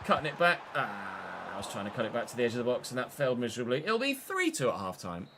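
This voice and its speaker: A young man streams his football career game, talking casually over the action. He jumps from loud bursts at goals to low, half-muttered asides. A faint background hum sits under his voice. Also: fast, creaky. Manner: chatty, swings between excited shouts and muttered asides. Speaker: gaming streamer. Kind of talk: live game commentary.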